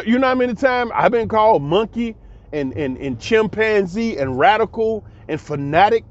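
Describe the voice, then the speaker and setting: A man's voice: fairly high pitch, a little mellow, lo-fi sound. A man, giving a heated, preachy monologue that repeats itself. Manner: preachy, ranting, repetitive. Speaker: commentary channel host.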